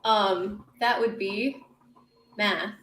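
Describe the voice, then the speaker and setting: A woman's voice: medium pitch, extremely slow, a bit bright. A woman playing in a tabletop game, thinking aloud hesitantly. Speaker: player. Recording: roomy echo, faint hiss.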